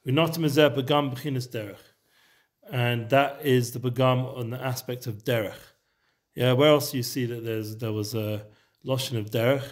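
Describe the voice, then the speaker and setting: A man's voice: mid-range voice, fairly even intonation, normal speed. Guy teaching torah casually, loose rambling explanations, hebrew terms sprinkled in. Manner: mixes Hebrew terms into English, loose and conversational. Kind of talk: casual Torah study session.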